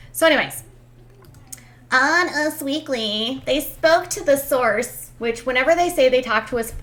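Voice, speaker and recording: A woman's voice: mid-range voice, pushed and bright. Chatty woman gossip host. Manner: chatty, giddy, lots of fillers and asides. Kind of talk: casual gossip commentary.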